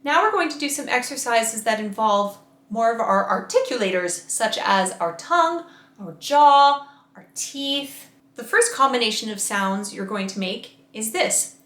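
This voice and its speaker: A woman voice coach leading a guided vocal warm-up lesson, giving slow, carefully enunciated instructions and demonstrating each exercise. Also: a little high, animated, echoey room.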